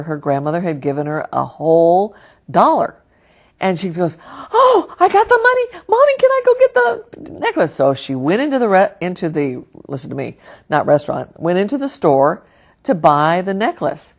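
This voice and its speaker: A woman tells an earnest sermon story in a fairly low voice. Her storytelling is sincere and steady, and she often grows quiet and tender. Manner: earnest, storytelling, softens at the close. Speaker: Christian speaker.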